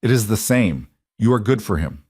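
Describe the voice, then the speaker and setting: A man voices an older Russian chauffeur with a heavy accent, speaking in short, formal, measured sentences. The voice sits low and close, with no room sound around it. This is a quiet storybook figure. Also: big pitch swings, husky, no echo. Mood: grave. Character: stoic older Russian male driver.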